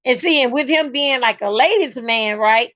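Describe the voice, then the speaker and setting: A woman telling a personal story in a salty, emphatic, animated way. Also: high-pitched, moderate pace, lo-fi sound. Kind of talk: casual storytelling vlog.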